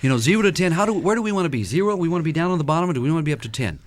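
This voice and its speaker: Lively man telling stories on a radio talk show. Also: fairly high pitch, racing, no echo. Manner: animated storyteller who acts out quotes. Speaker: guest counselor.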